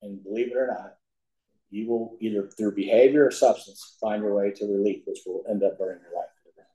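A man's voice: on the low side, steady tone, brisk, warm tone. Older man telling his story in an echoey hall. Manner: storytelling, folksy and emphatic. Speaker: recovery speaker. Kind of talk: speaking to a recovery meeting.

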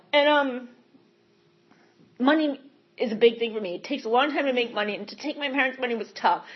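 A woman with a husky voice sharing a candid personal recovery story at a meeting, frank and rambling, correcting herself as she goes. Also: high-pitched. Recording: dull lo-fi recording.

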